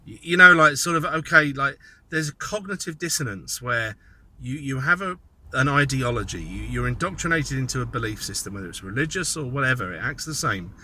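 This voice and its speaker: A man delivers a casual commentary monologue, his voice very bright and sharp. He rambles, thinks aloud and slips in mocking, sardonic asides. His pitch sits in a middling range for a man. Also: expressive, fairly quick, a little hiss or hum. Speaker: political commentator.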